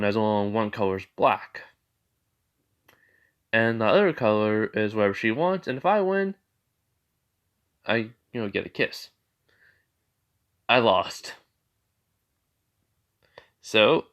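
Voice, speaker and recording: A man's voice: lowish voice, takes it slowly, long pauses, a bit bright. A man voicing an easygoing teenage boy who explains himself in a rambling, offhand way. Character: easygoing teenage boy student with dyed hair.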